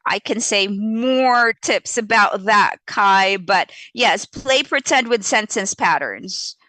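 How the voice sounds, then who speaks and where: Slow, bright-voiced woman teacher. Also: medium pitch, no echo. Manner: animated, models exaggerated reading voices. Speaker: ESL teacher. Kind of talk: live-streamed teaching tips.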